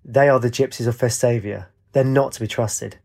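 Man doing a gruff, distrustful captain. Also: medium pitch, steady tone, normal speed, a little mellow. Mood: grumbling. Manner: blunt and grumbling.

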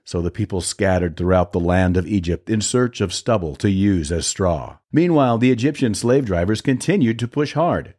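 A man's voice: fairly low pitch, lively intonation, normal speed, few pauses, a little mellow. A man reading the Bible aloud for a podcast, narrating steadily and expressively. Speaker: scripture reader.

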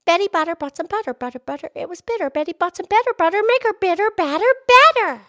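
A woman's voice: animated, measured pace, sharp tone, full character voice. A woman voicing a cheerful cartoonish pig who hosts a children's podcast, bubbly and enthusiastic. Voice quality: very high squeaky put-on voice. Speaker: host. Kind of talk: kids' podcast character play.

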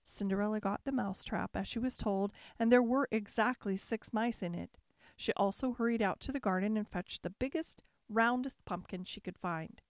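A woman reading a classic fairy tale aloud in a measured, expressive storybook style. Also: medium pitch, no echo, clean studio sound.

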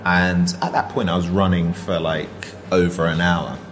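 A man's voice: sits low, level tone, moderate pace, a little hiss or hum. A man, an actor, telling personal stories as an interview guest in an earnest, reflective way. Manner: earnest, reflective, with many restarts and fillers. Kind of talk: casual interview storytelling.

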